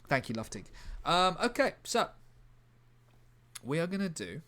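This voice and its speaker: A man streaming live in a rambling, deadpan way, breaking off to answer his chat. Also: on the high side, measured pace. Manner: rambling, deadpan, self-interrupting. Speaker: livestreamer reading chat. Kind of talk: casual livestream chat.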